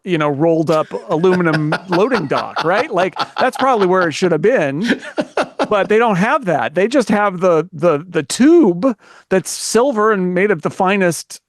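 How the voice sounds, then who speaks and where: A man's voice: high voice, no room sound, clean studio sound. A man co-hosting a tech podcast in casual panel talk, wry and rambling with joking asides. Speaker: podcast co-host.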